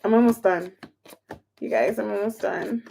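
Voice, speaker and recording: A woman's voice: mid-range voice, steady tone, normal speed, vocal fry, mellow, slight background noise. A woman reading tarot on a livestream, counting aloud as she shuffles and chatting casually with her viewers. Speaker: tarot reader.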